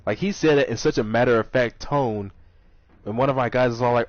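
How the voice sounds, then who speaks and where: A man's voice: mid-range voice, brisk, no room sound. A man who works as a kitchen server, casually telling a rambling, exasperated story about work. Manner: rambling, exasperated retelling with acted-out quotes. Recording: dull lo-fi audio with faint music.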